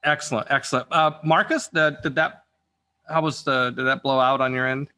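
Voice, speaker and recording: A man's voice: mid-range voice, steady tone, moderate pace, bright, forceful tone, clean tone. A man directing a voice-acting session in a casual, encouraging way, restarting his sentences often.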